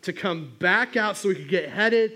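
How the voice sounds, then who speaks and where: Middle-aged male pastor with a high voice, telling a self-mocking story from the pulpit. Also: lively intonation, moderate pace, pushed and bright. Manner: humorous storytelling with many restarts. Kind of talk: sermon with a personal story.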